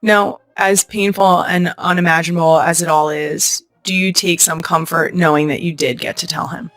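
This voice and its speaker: A woman interviewing a guest, answering in gentle, sympathetic short remarks. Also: fairly low pitch, moderate pace, no room sound, faint music behind. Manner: gentle, sympathetic brief replies. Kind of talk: interview conversation.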